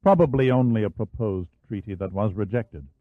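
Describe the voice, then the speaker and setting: A man's voice: lowish voice, normal speed, dry recording, close to an everyday voice. A man voicing a friendly, chatty American Senate historian in an audiobook. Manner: easygoing, chatty. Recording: dry, phone-like narrow band.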